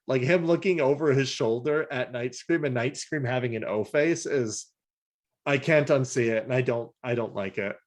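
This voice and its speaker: A man co-hosting a casual podcast, animated and laughing as he acts out scenes, swearing freely. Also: medium pitch, moderate pace. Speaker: podcast co-host. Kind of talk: casual podcast chat reviewing a cartoon episode.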